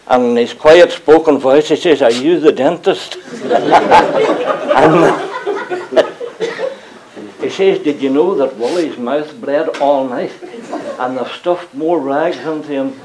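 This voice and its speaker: A man's voice: fairly high pitch, slow, long pauses, very noisy. An older man with a Northern Irish accent tells humorous yarns about his days at the mill to a live audience, chuckling as he goes. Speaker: local speaker recalling mill days. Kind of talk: anecdotal storytelling to an audience. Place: community gathering before a live audience.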